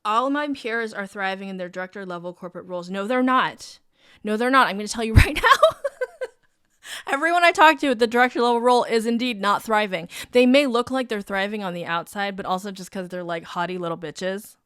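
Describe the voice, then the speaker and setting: Young woman career coach, frank and encouraging, casual swearing, mid pitch, dry close-mic sound. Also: a bit bright, clean tone, dry recording. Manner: mimics listeners in quick high voices. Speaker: career coach and podcast host. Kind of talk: casual advice podcast.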